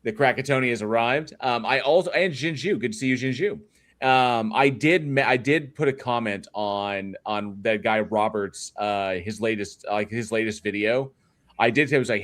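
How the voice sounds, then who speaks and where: A man hosts a casual livestream in an upbeat, friendly way. He greets viewers by name and chats loosely between topics. His voice sits at an ordinary middle pitch. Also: normal speed, a bit bright. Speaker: livestream host.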